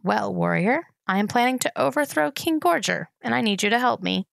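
A woman's voice: a little high, expressive, a little fast, gravelly, dry recording, clean studio sound. Woman voicing sardonic rat Rip Red. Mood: sarcastic. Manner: mocking, dripping sarcasm. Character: sardonic male rat, cunning and menacing.

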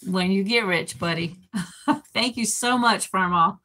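A female host chats casually on a livestream, reading audience comments out loud and laughing a lot. She keeps a measured pace, her mid-range voice sounding pushed and bright.

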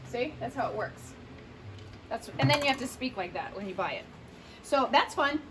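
A woman's voice: fairly high pitch, expressive, moderate pace, long pauses, a little hiss or hum. A woman casually walking through an antique shop, listing prices in a chatty, playful way with jokey asides. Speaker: shop host touring sale items. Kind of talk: casual product walkthrough.

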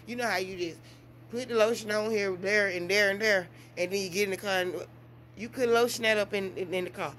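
A mother chatting casually to her vlog audience, telling stories with big swings in pitch and loudness. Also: brisk, slight background noise. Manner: animated storytelling with big swings in pitch and volume. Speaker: mother and vlogger.

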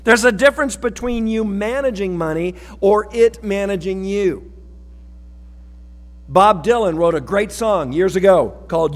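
A man's voice: high voice, unhurried, in a large hall. A male pastor giving a sermon in a folksy, conversational way with light humor, recorded in a church sanctuary.

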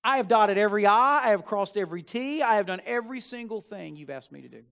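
A preacher voicing a bitter older brother. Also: male voice, expressive, fast talker, vocal fry, clear, resonant tone, heavily acted. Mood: resentful. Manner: bitter, complaining, quieter and lower. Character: resentful older brother, young man, bitter.

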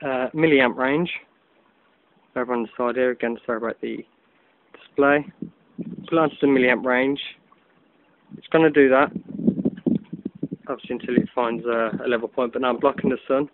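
A man's voice: mid-range voice, steady tone, moderate pace, pauses often. A man casually demonstrating a gadget outdoors, chatting loosely with many ums and restarts, recorded on a phone. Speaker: hobbyist video maker. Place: outdoors in afternoon sun. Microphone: phone camera. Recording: tinny phone-like audio.

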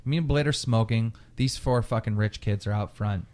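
A podcast host with a lowish male voice tells a long story in casual chat at a normal speed. He swears freely and animatedly acts out what people said.

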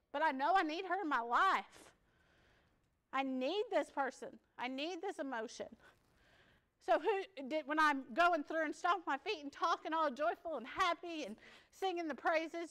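Woman, high voice, chatty, jokey, conference workshop, laughs a lot. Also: sharp tone. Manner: chatty, joking, laughs often. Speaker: peer support trainer. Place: conference session room.

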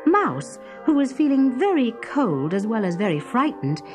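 A woman narrating a children's story in a gentle, expressive storybook manner. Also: fairly high pitch, moderate pace. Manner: gentle, expressive read-aloud. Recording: music bed behind.

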